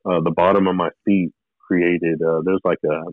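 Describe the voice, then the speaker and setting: A man's voice: deep voice, little pitch movement, moderate pace, no echo, phone-quality sound. A man telling a personal spiritual story in a rambling way, with restarts and short laughs. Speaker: guest telling his testimony.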